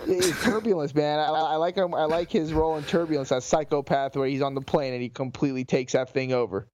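A man co-hosting a radio show, reacting quickly and enthusiastically in casual chat. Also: fairly high pitch, steady tone, darkish tone, a little hiss or hum.

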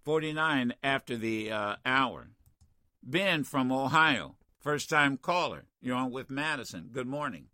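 A man's voice: mid-range voice, expressive, unhurried, bright, forceful tone. A man hosting a call-in talk radio show, talking in a combative, emphatic way and often repeating himself.

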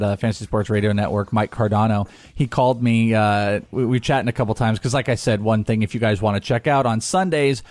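A man's voice: fairly low pitch, darkish tone, dry recording. A man co-hosting a casual sports podcast, talking in a rambling, jokey way with filler words. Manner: rambling, jokey, slips into mock voices. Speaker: podcast co-host.

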